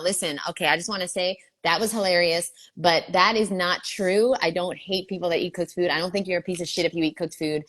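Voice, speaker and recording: A woman's voice: on the low side, a bit bright. Blunt, brash New York woman. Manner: blunt, brash, swears freely. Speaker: guest. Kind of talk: casual video chat.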